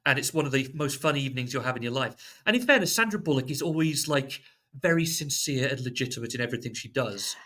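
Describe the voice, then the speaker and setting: A man who is a guest on a tech podcast, talking in a casual, animated way and making sarcastic jokes. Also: mid-range voice, fast talker. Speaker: podcast guest, software engineer.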